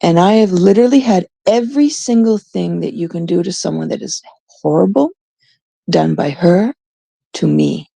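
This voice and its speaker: A woman's voice: on the low side, moderate pace, gravelly, warm tone, no room sound. A woman from Canada talking casually on a livestream, aggrieved and emphatic, repeating her points.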